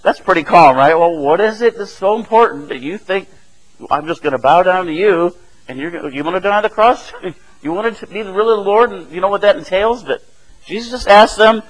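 A man's voice: high voice, a little fast, rough recording. Chatty man preaching a sermon. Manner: conversational, chuckling, asks "right?" often.

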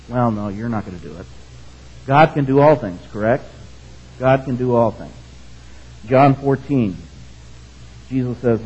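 A male preacher delivers a sermon with a slightly husky, breathy voice. He reads scripture and keeps asking his congregation "right?". The recording sounds dull and muffled. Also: mid-range voice, measured pace, pauses often, darkish tone. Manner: conversational, keeps checking in with the congregation.

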